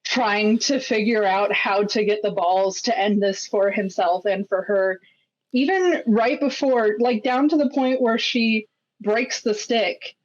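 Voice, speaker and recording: A woman's voice: medium pitch, a little slow, dull audio. A woman guest on a horror podcast, talking casually and with animation about a film.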